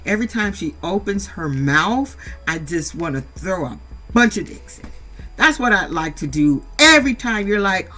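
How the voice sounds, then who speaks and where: A woman's voice: lowish voice, sing-song, normal speed, a bit bright, faint music behind. A middle-aged woman from San Diego giving a blunt, profane recap of a reality show, scolding the cast directly. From San Diego, USA. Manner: blunt, scolding, swears freely. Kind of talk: casual profane recap commentary.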